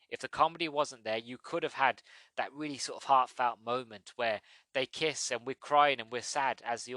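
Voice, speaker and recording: A man hosting a podcast, giving a casual movie review in a rambling, animated way with many restarts. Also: medium pitch, no room sound. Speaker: podcast host.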